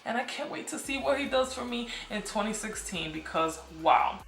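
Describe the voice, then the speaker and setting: A woman's voice: fairly high pitch, lively intonation, normal speed, fairly bright tone, echoey room, a little hiss or hum. A young woman in her twenties chatting enthusiastically to camera in a casual vlog from her apartment. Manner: chatty, enthusiastic, repeats phrases for emphasis. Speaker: beauty and lifestyle vlogger. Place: apartment room.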